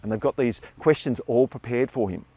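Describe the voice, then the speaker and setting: An older man with an Australian accent, a former teacher telling a story live on a theatre stage, animated and acting out the voices of the people in it. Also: mid-range voice, brisk, slightly rough, no echo.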